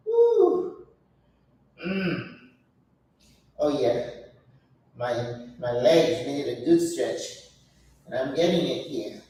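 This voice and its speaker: An older woman hosting a casual vlog while exercising, chatting and laughing often, with breathy exertion sounds. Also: rumbling low, slow pace, pauses often, warm tone, very echoey, distant mic, a little hiss or hum, low-quality recording. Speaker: channel host.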